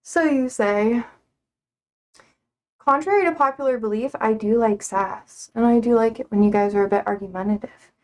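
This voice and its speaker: Young female streamer with a slightly high voice, teasing and chatty, talking to viewers from home. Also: moderate pace. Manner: playful and self-described sassy, frequent laughs. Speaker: livestream host. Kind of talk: casual chat with viewers. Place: home, indoors.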